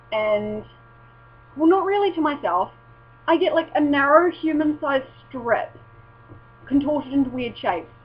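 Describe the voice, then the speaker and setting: A woman's voice: on the high side, slightly rough. A woman chatting casually at home as a vlogger, rambling and swearing, often breaking off mid-sentence. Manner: rambling, sweary and self-interrupting. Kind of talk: casual chat. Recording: dull lo-fi recording with mains hum.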